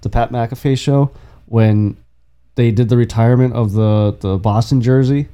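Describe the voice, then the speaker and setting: Laid-back male podcast co-host with a very dark, mellow voice who swears casually. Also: medium pitch, normal speed, clean tone, lo-fi sound. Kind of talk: casual sports chat.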